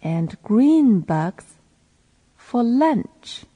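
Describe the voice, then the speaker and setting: Slow husky woman repeating phrases. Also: a little high, big pitch swings, mellow. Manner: repeats each phrase slowly and clearly after a male reader. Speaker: reading teacher. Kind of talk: slow read-aloud for learners to repeat.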